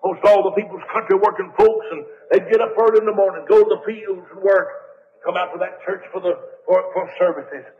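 A male evangelist, preaching a revival sermon full of stories and breaking into fervent shouts. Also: high-pitched, fairly even intonation, fairly quick. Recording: dull old sermon tape in a reverberant hall.

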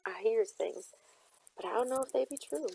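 A woman's voice: a little high, moderate pace, gravelly, a little mellow, slightly rough, low-quality recording. A woman voicing an elderly, grieving woman servant who speaks tersely in folksy, nonstandard grammar, read from a novel. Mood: guarded. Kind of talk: audiobook character reading.

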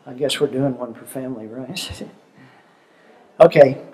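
A man's voice: medium pitch, unhurried, mellow, poor audio. An older man speaking as a seminar presenter, telling stories in a conversational way and asking the audience questions. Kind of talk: relationship seminar talk.

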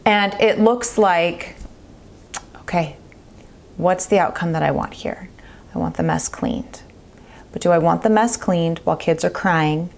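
A parenting vlogger in her thirties gives earnest advice directly to the camera, driving her points home by repeating key phrases. Her lowish voice is a little slow and darkish in tone, with vocal fry and long pauses. She comes across as emphatic.

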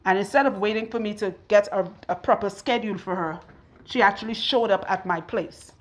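A young adult woman with a Trinidadian accent, chatting casually and loudly while working, telling stories and acting out what people said. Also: mid-range voice, fairly quick, a little hiss or hum. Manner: loud, animated storytelling with quoted voices. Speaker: loctician and video host.

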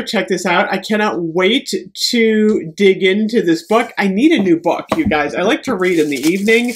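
A middle-aged woman from the United States in a casual unboxing vlog, gushing and excitable, often breaking into soft laughs. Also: medium pitch, a little hiss or hum. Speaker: beauty vlogger.

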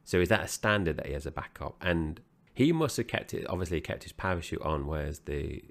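A man with a very deep, low voice talks through a film in relaxed podcast chat. He rambles, circles back and restarts his sentences as he goes. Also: fairly quick. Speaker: co-host of a film review podcast. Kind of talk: casual chat.

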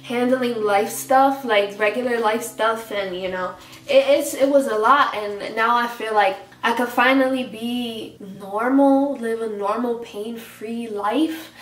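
A woman co-hosting a couple's vlog, talking in a soft, hesitant and emotional way. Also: a little high, measured pace. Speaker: vlog co-host. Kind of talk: casual couple vlog chat. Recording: echoey room, a bit far from mic.

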